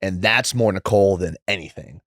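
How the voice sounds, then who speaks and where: A young man talking as a podcast guest in a rambling, casual way, saying "like" a lot and quoting others in lively voices. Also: sits low, fairly quick, dry recording, studio quality. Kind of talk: casual interview chat.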